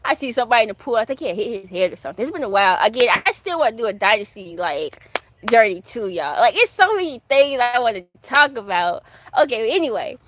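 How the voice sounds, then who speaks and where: A woman's voice: a little high, a bit bright. A woman hosting her own channel, chatting casually and rambling through asides as she answers viewer questions. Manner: fan of classic TV soaps. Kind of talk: casual chat.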